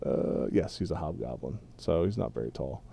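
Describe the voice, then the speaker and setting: A man narrating a tabletop role-playing game as game master, describing scenes in an unhurried way with pauses. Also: a bass voice, lively intonation, creaky, warm tone. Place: home setup, streamed.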